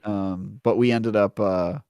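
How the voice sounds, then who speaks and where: Low-voiced man in casual podcast chat. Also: steady tone, slow, a little mellow, dry recording. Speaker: podcast co-host and game reviewer.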